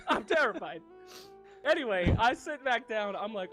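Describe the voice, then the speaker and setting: A young man casually telling a funny anecdote, animated and excitable, swearing freely. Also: high voice, normal speed, soft background music. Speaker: video creator.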